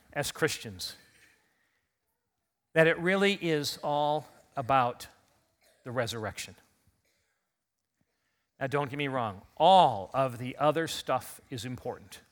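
Bright-voiced male pastor preaching. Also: mid-range voice, big pitch swings, unhurried, long pauses. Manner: warm conversational preaching with call-and-response. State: recovering from illness. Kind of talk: Easter sermon. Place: church sanctuary.

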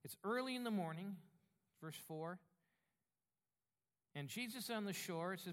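A male pastor preaching a sermon in a conversational, animated, self-deprecating way. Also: high-pitched, measured pace, long pauses.

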